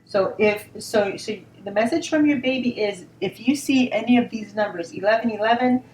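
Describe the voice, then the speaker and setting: A woman giving a spoken tarot reading in a gentle, reassuring tone, often repeating words and asking "all right?". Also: fairly high pitch, moderate pace. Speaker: tarot reader. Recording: roomy sound from a distance, faint noise.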